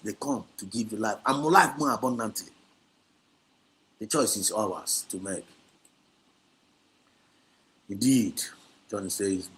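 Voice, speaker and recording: Here a man with a low, slightly bright voice and a Nigerian Igbo accent hosts an activist livestream talk. He alternates between Igbo and English, preaching emphatically and scolding, and he repeats himself a great deal.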